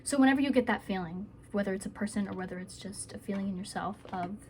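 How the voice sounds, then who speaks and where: A woman's voice: mid-range voice, quick pace, a little mellow, slight background noise. Woman rambling earnest self-help advice. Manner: rambling, earnest, with playful asides. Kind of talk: casual advice monologue.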